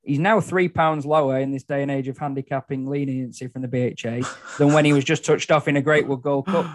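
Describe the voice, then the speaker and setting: A man's voice: medium pitch, fairly even intonation, a little fast. A man tipping racehorses in a casual panel chat, with detailed form talk and wry humour. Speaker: racing tipster pundit.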